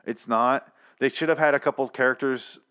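A man's voice: medium pitch, steady tone, moderate pace, a bit bright, clean tone. Exasperated man rambling through a show recap. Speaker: TV episode reviewer. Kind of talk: casual recap and review.

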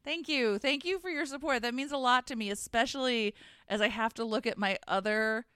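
Wrestling is the topic as this woman co-hosts a podcast, chatting wryly and laughing readily. Her voice is on the high side, fairly bright, clear and resonant, captured with studio quality and no room sound.

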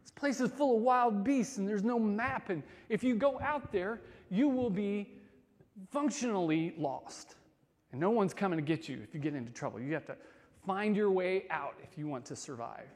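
Lively man preaching in an echoing hall. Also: sits high, normal speed. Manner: conversational, lively swings between loud and soft. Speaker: pastor. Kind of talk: sermon.

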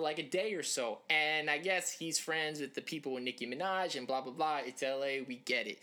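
A man co-hosts a casual sports chat show as a podcast co-host, rambling with joking asides and lots of fillers. His voice is a little high and sounds pushed and bright.

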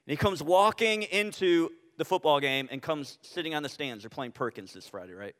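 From the pulpit of a church sanctuary, a pastor with a fairly high, somewhat bright voice preaches expressively at a moderate pace. He fills the sermon with rhetorical questions and restarts, and the reverberant hall leaves his words trailing off in a long echo.

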